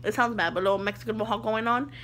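A young adult woman vlogger telling an animated storytime. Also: medium pitch, racing, a little hiss or hum.

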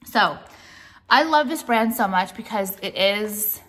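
A woman's voice: mid-range voice, animated, takes it slowly, a bit bright. Chatty American woman rambling casually. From United States. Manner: rambling, heavy use of "like", swears casually. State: pregnant. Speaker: vlogger showing purchases. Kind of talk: casual show-and-tell chat.

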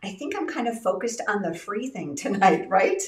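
A middle-aged woman from the United States hosting a craft livestream giveaway, upbeat and chatty, congested and a little raspy from illness. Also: mid-range voice, big pitch swings, normal speed, echoey room, distant mic. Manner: upbeat, chatty, addresses viewers directly. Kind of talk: live-stream product giveaway chat.

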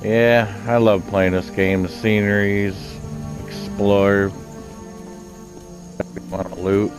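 A man's voice: lowish voice, level tone, takes it slowly. A man casually commenting on his own gameplay, chatty and laid-back, thinking aloud as he plays. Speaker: gaming channel host. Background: game music.

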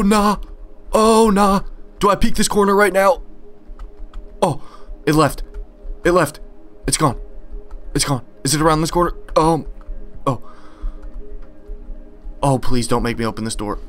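A man's voice: medium pitch, a bit bright. A young man giving nervous, jumpy running commentary as he plays a horror game, talking to himself the whole way. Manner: jumpy, nervous, talks to himself while playing. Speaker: gaming channel host.

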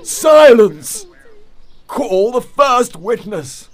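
Man playing a bossy high-voiced king judge. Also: big pitch swings, very noisy, heavily acted. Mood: stern. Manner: commanding, slow and deliberate. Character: bossy impatient male king acting as judge. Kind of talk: children's audio story acting.

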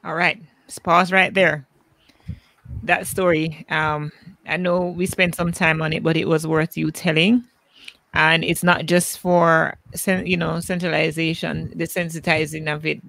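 A woman host moderating a live panel, speaking in a measured, affirming way and sometimes stopping to search for the right word. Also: low-pitched, level tone, gravelly, a bit bright, dry recording. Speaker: host and facilitator.

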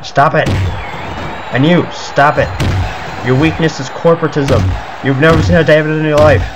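A man giving excitable let's play commentary, breaking into panicky outbursts and cursing. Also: on the high side, normal speed, noisy background. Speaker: gaming video creator. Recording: slightly muffled audio with game music. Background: video game music.

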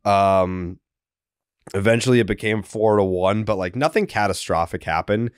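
Male podcast host, smooth tone, rambling sarcastic recap. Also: low-pitched, fairly even intonation, normal speed, no room sound, studio quality. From Boston area. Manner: sarcastic, rambling, swears freely. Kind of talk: casual sports podcast chat.

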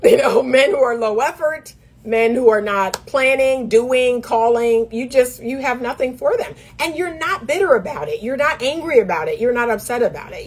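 A middle-aged woman with a slightly high, husky voice talks straight to camera as a dating coach. She is emphatic and sassy, laughing often and slipping into a high mocking voice to mimic others. Her delivery is direct and animated. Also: normal speed.

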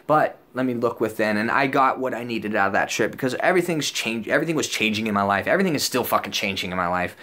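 A man's voice: lowish voice, expressive, fast, few pauses, sharp tone. Young guy vlogging a rambly story, swears a lot, says like and dude constantly, voice jumps up when he quotes himself. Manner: rambling and profane, full of "like" and "dude"; acts out his own past lines in a raised voice. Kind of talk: casual storytelling.

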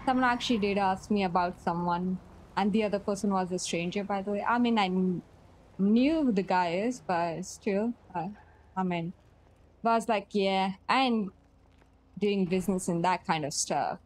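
A woman's voice: mid-range voice, moderate pace, low-quality recording. A woman roleplaying in a game, playful and evasive, joking and giggling as she dodges questions. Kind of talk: in-character game roleplay chat.

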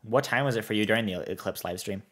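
Give me an easygoing man with a very low voice, chatting with viewers while he plays. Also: fast talker, a bit bright. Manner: rambling, reads chat aloud, easygoing. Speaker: game streamer. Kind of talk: casual live-stream chat while playing.

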